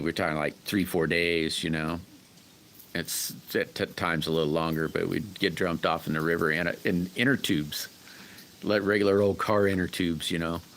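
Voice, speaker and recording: A man's voice: deep voice, fairly bright tone, a little hiss or hum. A man hosting a casual livestream, rambling folksy stories and greeting viewers by name. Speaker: livestream host chatting with viewers.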